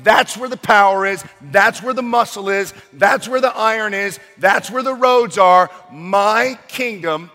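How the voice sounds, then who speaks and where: A preacher voicing a firm, insistent teacher. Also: male voice, high voice, a little slow, few pauses, pushed and bright, voice pushed up. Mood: emphatic. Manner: emphatic, insistent. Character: calm, firm male teacher explaining a kingdom. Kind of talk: sermon storytelling. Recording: long hall reverb.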